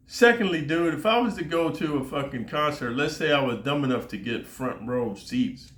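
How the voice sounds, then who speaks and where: A man's voice: medium pitch, lively intonation, a little fast, hardly any pauses, a bit bright. A middle-aged man telling a story in a brash, foul-mouthed rant for his channel, often dropping "man" and "dude". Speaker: YouTube storyteller. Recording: roomy echo.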